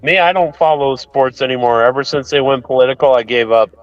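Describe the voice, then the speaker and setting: A man's voice: medium pitch, a little fast, clear, resonant tone, no echo. Laid-back man on a dull call line. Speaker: guest on a live stream. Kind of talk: casual chat.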